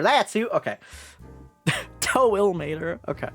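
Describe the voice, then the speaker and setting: A young woman streaming a game live, reacting excitably and swearing freely while reading along. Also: mid-range voice, slow pace, gravelly, long pauses, soft background music.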